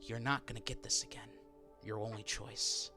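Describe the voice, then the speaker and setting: A man voicing a tempting, disembodied voice inside a hero's head, in whispered role-play, soft, coaxing and insistent. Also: fairly low pitch, steady tone, moderate pace, over music, close to an everyday voice.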